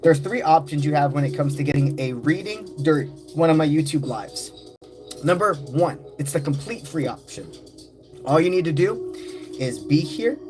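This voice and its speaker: A man's voice: fairly high pitch, lively intonation, moderate pace. A man hosting a live-stream tarot session, greeting chat viewers by name in loose, friendly slang. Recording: music playing in the background. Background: music.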